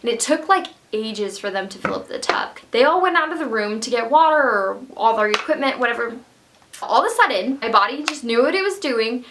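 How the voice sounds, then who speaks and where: A woman's voice: a little high, animated, fairly quick, background noise. A young woman casually telling a personal story at home, chatty with many fillers. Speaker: vlogger. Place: home room.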